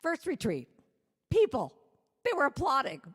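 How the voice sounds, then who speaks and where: A woman singer-songwriter, a guest speaker, telling a self-deprecating personal story to a congregation with lively humor. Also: high voice, unhurried. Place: church sanctuary. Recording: long reverb of a church hall.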